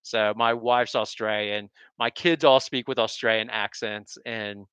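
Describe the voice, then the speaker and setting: A man's voice: on the low side, fairly even intonation, a little slow, fairly bright tone, smooth, no echo. A middle-aged American man from Texas, hosting a casual sports stream with rambling, enthusiastic digressions. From Texas, USA.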